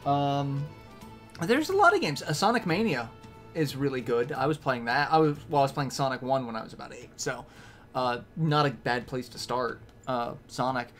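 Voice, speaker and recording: A man's voice: medium pitch, animated, normal speed, a bit bright, faint music behind. A young man casually chatting on a game livestream, rambling between topics and reading game lines aloud.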